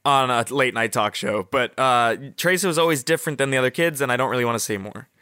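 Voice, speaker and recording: A man playing a blunt, exasperated high-school college counselor with dry deadpan delivery, in an improvised comedy sketch. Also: fast, clean tone, no room sound. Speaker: comedy podcast co-host.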